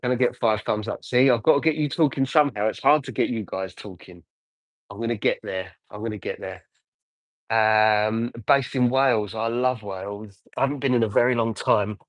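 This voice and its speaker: A man's voice: medium pitch, fairly quick, hardly any pauses, no room sound, rough recording. An Englishman in his forties chatting casually on a livestream while detailing a car, rambling and answering viewer comments. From England. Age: 40s. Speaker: car detailer live-streaming.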